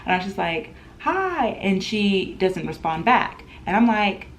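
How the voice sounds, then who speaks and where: A young woman in her twenties telling an animated storytime in a home vlog, chatty and full of laughs. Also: medium pitch, moderate pace, slight background noise. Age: 20s. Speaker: vlogger.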